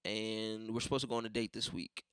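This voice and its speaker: A man's voice: on the low side, level tone, fairly quick, a bit bright, smooth, dry recording, studio quality. A young man hosting a podcast, ranting casually with lots of swearing and telling stories by acting out other people's voices. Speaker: podcast host. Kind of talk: casual monologue.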